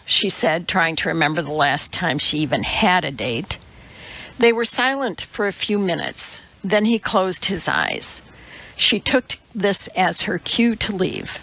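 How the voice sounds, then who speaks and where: A woman narrating an audiobook in a measured, even storytelling manner. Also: on the low side, vocal fry, slightly rough, highs cut off. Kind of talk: scripted narration.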